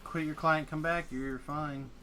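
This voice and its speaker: A man's voice: fairly high pitch, steady tone, unhurried, bright, forceful tone, a little hiss or hum. A man rambling easily through stories in casual chat while streaming a game. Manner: easygoing, rambling storyteller. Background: music.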